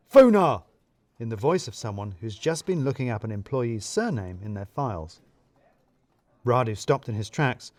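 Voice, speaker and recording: A man's voice: mid-range voice, a little mellow, dry recording. A man narrating a first-person story in a wry, dry, self-mocking way.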